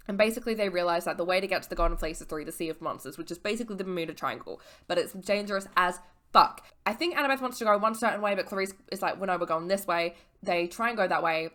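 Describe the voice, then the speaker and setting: A tipsy woman recapping a book series in casual, animated chat, swearing freely and using slang. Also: mid-range voice. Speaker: vlogger.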